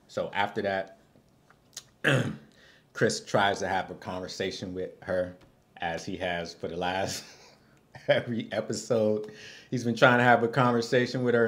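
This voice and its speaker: A man's voice: fairly low pitch, a bit bright. A man, father of a young son, casually recapping a reality show episode with a co-host, laughing often and acting out what people said. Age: adult with a young son. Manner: laughs often, loose and joking, acts out quotes.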